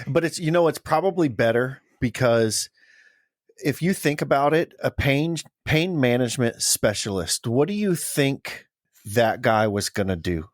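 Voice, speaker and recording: A woman's voice: rumbling low, animated, measured pace, no echo. A woman co-hosting a podcast, chiming in with short, dry remarks. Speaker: podcast co-host. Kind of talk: casual chat.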